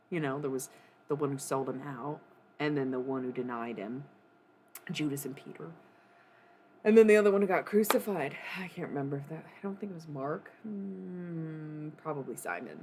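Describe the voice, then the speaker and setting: A woman's voice: deep voice, a little mellow, a little hiss or hum. A woman streaming live, ranting in a casual, profane, worked-up way and often laughing.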